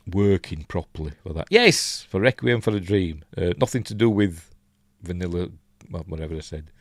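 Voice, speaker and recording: A man's voice: lowish voice, no room sound, studio quality. A Yorkshire man hosting a casual live film breakdown. He rambles, thinks aloud and reads out viewer comments. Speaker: film reviewer host.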